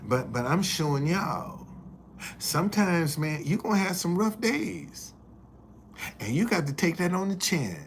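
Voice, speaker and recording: A man's voice: a little high, slight background noise. A man hosting a casual live stream, talking earnestly, repeating himself and thanking viewers as he goes. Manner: shows items to the camera while talking.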